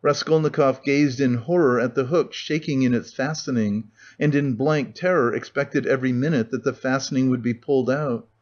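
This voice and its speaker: A man narrating an audiobook in a steady, measured reading on a dull lo-fi recording. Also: mid-range voice. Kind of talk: scripted narration of a classic novel.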